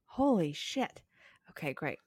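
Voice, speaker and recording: A woman with a lower-pitched voice co-hosting a podcast, playful and jokey. She reacts quickly with wry humor. The mic is close and dry. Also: very animated, darkish tone, breathy edge, no echo. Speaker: podcast co-host. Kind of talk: casual podcast chat.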